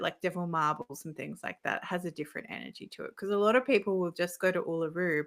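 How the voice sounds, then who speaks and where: An Australian woman talking as a podcast guest, chatty and quick to laugh. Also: lowish voice, creaky, sharp tone. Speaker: guest, leadership coach. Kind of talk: casual podcast chat.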